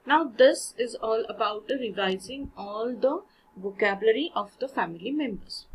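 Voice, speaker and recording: A woman's voice: medium pitch, measured pace, husky, muffled recording. A woman from India, teaching a French textbook lesson, reading short dialogues aloud and explaining them casually in with frequent fillers.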